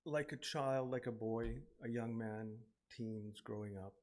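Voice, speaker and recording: A man in his forties giving a eulogy for his mother, telling a personal story haltingly with many pauses and repeated words, his voice falling quiet at emotional moments. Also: mid-range voice, steady tone. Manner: emotional, voice drops quietly at times.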